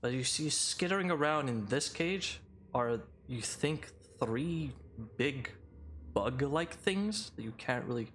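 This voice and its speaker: A man narrating a tabletop game as game master, unhurried, with many fillers and restarts. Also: medium pitch, expressive, fairly bright tone, a little hiss or hum.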